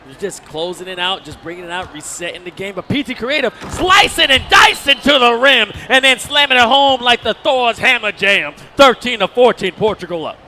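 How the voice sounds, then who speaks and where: Bright, high-pitched hype commentator, male. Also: animated, moderate pace, hardly any pauses, slight background noise. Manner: colorful, playful hype with quips. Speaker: esports color commentator.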